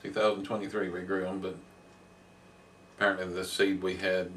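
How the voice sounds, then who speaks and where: Low, flat-voiced older man. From Middle Tennessee. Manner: plainspoken, unhurried explaining. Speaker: homesteader. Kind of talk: casual chat. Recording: distant mic with faint background noise.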